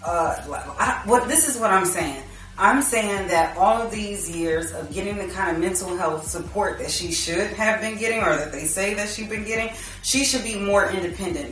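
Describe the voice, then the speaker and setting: A woman's voice: mid-range voice, a bit bright. A woman hosting a podcast, talking casually and arguing her point, laughing easily. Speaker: podcast host. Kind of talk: casual debate. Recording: echoey room, mic at a distance.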